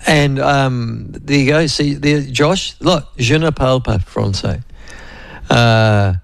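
Gravelly New Zealand radio host rambling. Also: male voice, mid-range voice, no echo. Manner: rambling, digressive, lots of fillers; addresses co-host and listeners by name. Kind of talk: casual radio chat.

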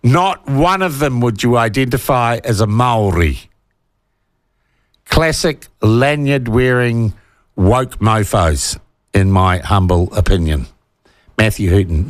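A man's voice: mid-range voice, expressive, slow pace, no room sound. A man with a New Zealand accent hosting talkback radio, blunt and sarcastic, reading out listener texts. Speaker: radio talk show host.

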